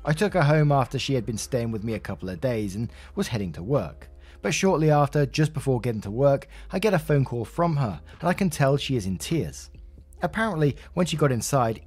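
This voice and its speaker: A man's voice: mid-range voice, lively intonation, a little fast, darkish tone, slightly rough, faint music behind. A man reading online posts aloud as a story narrator, adding wry casual asides between them.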